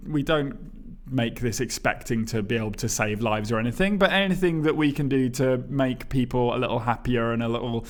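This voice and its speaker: A man co-hosting a podcast, reading listener emails aloud in casual chat, often laughing, with his pitch jumping around. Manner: chatty and laughing, reads emails aloud with lively pitch jumps. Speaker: podcast co-host.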